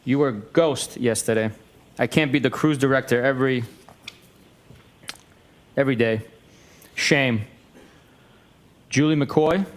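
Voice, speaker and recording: A man reading an exchange of text messages aloud in a flat, matter-of-fact way. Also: mid-range voice, slow, long pauses.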